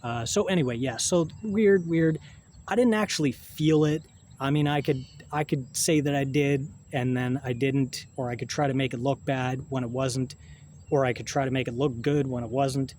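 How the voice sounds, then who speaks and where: A man, talking in a halting, rambling monologue to camera, full of restarts and swearing. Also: medium pitch, darkish tone, slight background noise. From Canada.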